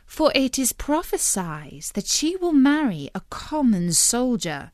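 Eager townsfolk from a storybook, keen to pass on the news, as a woman reading aloud voices them. The telling is unhurried and lively in pitch, with a close, dry sound. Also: dry recording. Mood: gossipy.

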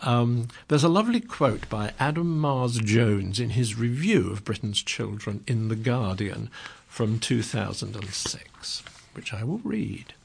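A man's voice: mid-range voice, lively intonation, a little slow. A man hosting a community radio programme, talking casually and hesitantly with many ums and restarts as he introduces recordings. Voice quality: creaky, husky. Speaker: radio presenter.

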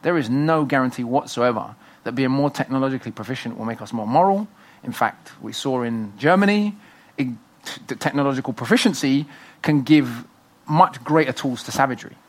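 A man, a guest author speaking fast and emphatically in a festival interview. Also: medium pitch. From Britain. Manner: fast, animated, emphatic storytelling.

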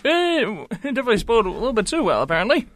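A man's voice: very high-pitched, sing-song, rapid-fire, fairly bright tone. A man, a guest on a wrestling chat, hesitant and giggly with many "uh"s. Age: 20s. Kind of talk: casual studio chat.

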